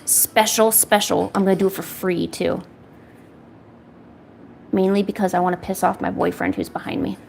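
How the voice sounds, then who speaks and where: A woman's voice: medium pitch, steady tone, moderate pace, creaky, pauses often, darkish tone, soft background music. A young woman streaming while she draws, chatting casually in a rambling, self-deprecating, jokey way. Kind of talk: casual chat while drawing.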